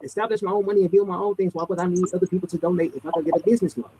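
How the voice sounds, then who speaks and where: High, fast, insistent man demanding answers. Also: fairly even intonation, mellow, husky, rough recording. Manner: insistent, repeats himself, keeps cutting in. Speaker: livestream panel host. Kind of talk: heated livestream panel argument.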